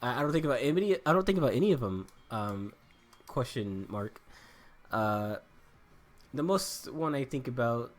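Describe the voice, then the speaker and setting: A man's voice: medium pitch, expressive, normal speed, pauses often. A young man chatting casually while streaming a game, rambling and joking, swearing freely and laughing often. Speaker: gaming streamer. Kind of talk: casual chat while gaming.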